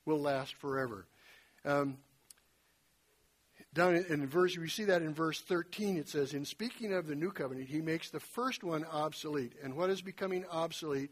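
A man preaching a sermon in a conversational way, retelling scripture with lively folksy asides and a slightly husky voice. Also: fairly high pitch.

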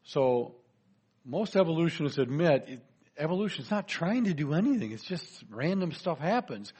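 A man's voice: fairly high pitch, darkish tone, husky. A man giving a chatty presentation lecture, joking with his audience. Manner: chatty, folksy, jokes to the audience.

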